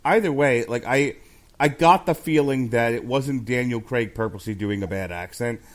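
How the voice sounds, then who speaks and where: A man's voice: medium pitch, normal speed. A man guesting on a movie review podcast, talking hesitantly with lots of ums. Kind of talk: casual movie review chat.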